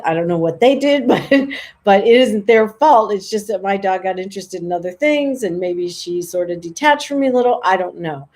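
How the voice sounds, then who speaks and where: A woman dog trainer giving a casual, friendly how-to talk, chatty and relaxed, lifting her voice high for sample calls. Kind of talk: casual instructional talk to camera.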